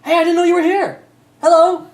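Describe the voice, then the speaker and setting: A man voicing an excitable, flustered male demon in a tabletop game. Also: fairly quick, roomy sound. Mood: eager. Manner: flustered, babbling, high-pitched.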